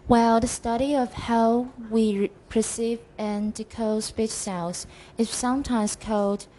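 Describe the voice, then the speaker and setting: A woman student in a classroom reading a textbook passage aloud, slowly and carefully, sometimes stopping to correct herself. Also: fairly high pitch, steady tone, mellow, slight background noise.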